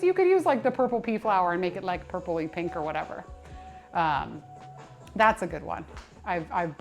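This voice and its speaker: A young woman chats on a livestream from the gym, rambling along with plenty of fillers and restarts. She sounds a little worn out between sets, and soft music plays faintly behind her. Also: mid-range voice. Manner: chatty, rambling, lots of fillers and self-corrections. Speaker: personal trainer and nutrition coach. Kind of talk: casual livestream chat while working out.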